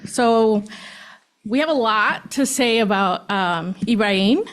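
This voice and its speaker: A woman presenting a student award at a school board meeting. She speaks off the cuff, halting with frequent ums, and grows emotional. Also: on the high side, lively intonation. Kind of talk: nervous unscripted speech at a board meeting. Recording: public meeting room.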